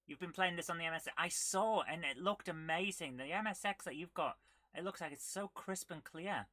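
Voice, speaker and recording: A woman hosting a casual retro gaming live stream, chatting with viewers and reacting excitedly while she plays. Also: on the low side, fairly quick, no echo. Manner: chatty, reads viewer comments aloud, bursts of excitement while playing.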